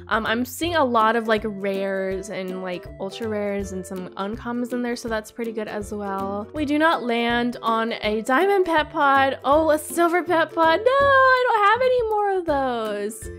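A young woman with a high, girlish voice gives bubbly, excitable gameplay commentary into a desktop mic. She bursts into squeals whenever something good turns up. Soft music plays underneath. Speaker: gaming channel host. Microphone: desktop microphone.

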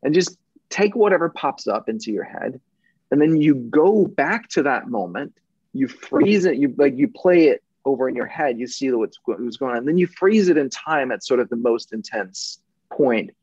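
A man speaking as a podcast guest in casual conversation, emphatic and often profane, shifting between intense and gentle. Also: mid-range voice, animated, normal speed, breathy edge, no room sound, highs cut off.

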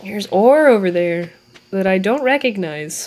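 A woman casually plays through a cozy farming game, chatting to the characters on screen and laughing at her own mishaps. Her mid-pitched voice is picked up by a headset mic in a home room. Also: animated, moderate pace, a little hiss or hum. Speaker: gaming channel host. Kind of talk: casual let's-play commentary. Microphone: headphones with mic.

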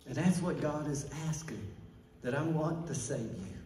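A man's voice: fairly high pitch, normal speed, warm tone, recorded from a distance, slight background noise. Fervent preacher man in an echoey church. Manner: fervent call-and-response preaching. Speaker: pastor. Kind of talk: sermon. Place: church sanctuary.

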